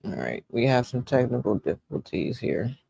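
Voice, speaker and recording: A woman hosting a reaction video, teasing and laughing loudly as she comments on a clip. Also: very deep voice, big pitch swings, normal speed, gravelly, slightly rough, no echo.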